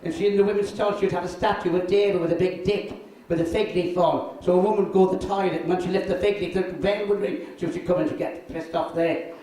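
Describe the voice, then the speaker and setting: An older man, a drag performer telling crude, deadpan anecdotes on stage. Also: high voice, fast talker. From North East England. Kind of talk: bawdy stand-up storytelling. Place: live show venue. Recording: echoey room, from far off.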